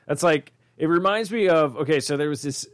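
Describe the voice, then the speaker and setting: A young man hosting a casual chat, animated and profane, often acting out quotes. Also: on the high side, fairly quick, no room sound, studio quality. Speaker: podcast host.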